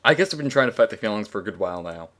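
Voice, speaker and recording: A man's voice: lowish voice, lively intonation, racing, fairly bright tone. A man reading a fan fiction story aloud in a casual way. He breaks off for chatty asides, swears and laughs at the text.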